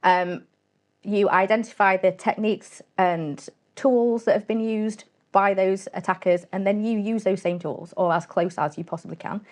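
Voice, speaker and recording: A woman's voice: mid-range voice, steady tone, normal speed. A woman, the guest, explaining her work in a casual, straight-talking interview chat and acting out little bits of dialogue as she goes. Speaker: guest, cybersecurity company CEO.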